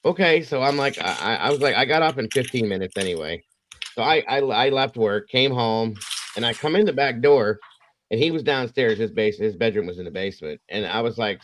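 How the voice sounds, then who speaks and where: A man hosts a casual true crime livestream, speaking briskly in a lowish voice. He rambles as an animated storyteller, acting out the voices and quotes in his stories.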